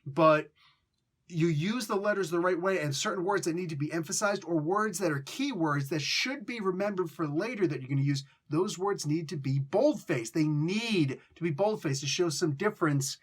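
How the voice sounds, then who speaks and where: An animated young man with a slightly higher voice talks through a comic book review in loose, slangy chat. He often drops into quick mock voices to act out lines. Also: breathy edge. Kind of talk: casual video review.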